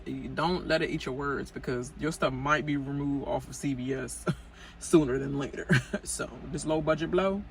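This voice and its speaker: A woman's voice: extremely low pitch, creaky, fairly bright tone, slight background noise, poor audio. A woman vlogger recapping a reality show in a casual, gossipy rant, full of fillers and asides aimed at the cast. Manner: gossipy and chatty, many fillers, talks straight to cast members.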